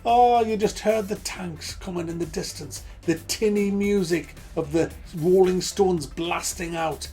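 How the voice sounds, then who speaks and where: A man's voice: high voice, a little slow, few pauses, warm tone, faint music behind. A middle-aged man hosting a gaming channel, ranting with nostalgia, swearing a lot and repeating game titles over and over.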